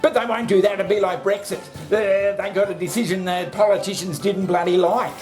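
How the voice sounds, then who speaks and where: A man's voice: high-pitched, steady tone, brisk, music in the background. An Australian man in a casual ranting monologue who swears constantly, fires off rhetorical questions and talks to himself by name. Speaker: vlogger.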